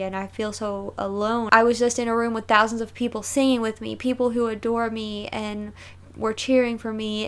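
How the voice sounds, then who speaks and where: A woman's voice: mid-range voice, clear, resonant tone. A young woman chatting casually and emotionally while reacting to music videos, rambling and often laughing.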